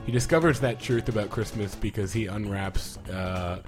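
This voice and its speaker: A man co-hosting a podcast in casual chat, halting with fillers and bursting into laughter. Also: on the low side, over music. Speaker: podcast co-host.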